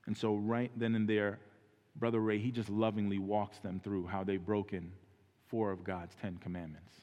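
A man preaching a sermon as pastor, earnest and animated, acting out street conversations in a softer voice. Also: fairly low pitch, brisk. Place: church sanctuary. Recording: church hall with long reverb.

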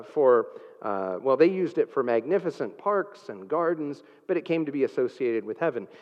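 A man preaching a sermon, earnest and emphatic, with frequent filler sounds. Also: fairly high pitch. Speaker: pastor. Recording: dull sound with long hall reverb.

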